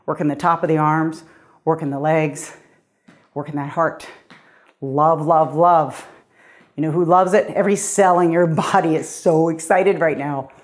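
A woman's voice: low-pitched, fairly even intonation, unhurried. A middle-aged woman, a fitness coach, leading a guided workout with upbeat, encouraging cues, slightly out of breath.

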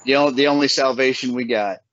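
In a dull, dry lo-fi recording, a male podcast host chats casually, telling folksy, unhurried stories with stretched-out words. His voice is medium-pitched and fairly bright.

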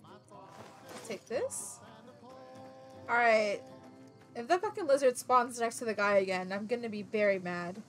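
A woman streaming a video game, chatting excitably, laughing often and swearing casually. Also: a little high, moderate pace, soft background music. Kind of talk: casual gameplay commentary.

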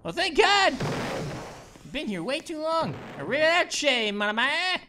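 An excitable cartoon grape, voiced by a woman gives let's-play commentary and bursts into cartoonish exclamations. The voice sits fairly high and swoops all over with lively energy. A faint noise hums behind it. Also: unhurried, exaggerated voice. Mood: excited. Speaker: gaming channel host.

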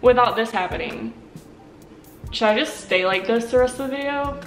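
A woman's voice: a little high, moderate pace. A young woman chatting casually in a cooking vlog, playful and dramatic, often giggling and complaining. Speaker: vlogger. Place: home kitchen. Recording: echoey kitchen, far from mic, music behind.

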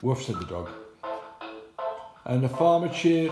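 A man's voice: medium pitch, very animated, unhurried, echoey room, music in the background. An older man, a grandfather, reading a rhyming picture book aloud in a sing-song way with animal noises.

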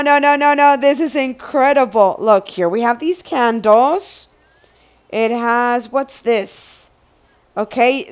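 A young woman vlogging an unboxing, excitable, exclaiming and repeating herself as she looks at each item. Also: fairly high pitch, smooth. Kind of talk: casual unboxing vlog.

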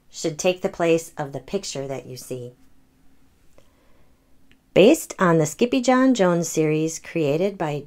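Low-voiced mother reading storybooks aloud. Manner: gentle, explaining to young children. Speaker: storytime reader and parent. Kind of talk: children's read-aloud.

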